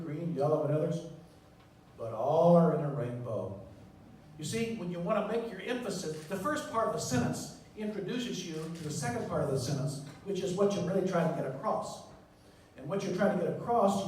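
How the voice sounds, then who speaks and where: A man giving a conference talk in a large lecture hall with a handheld mic, emphatic and repeating key words, swinging between loud and soft. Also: a little high, slight background noise. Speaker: surgeon lecturing on presenting. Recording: echoey hall from far off.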